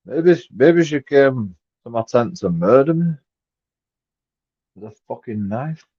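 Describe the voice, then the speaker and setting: A man, rambling profanely on a live stream and swinging between mumbled asides and loud outbursts. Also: medium pitch, lively intonation, slow pace, no room sound. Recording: dry, dull lo-fi sound.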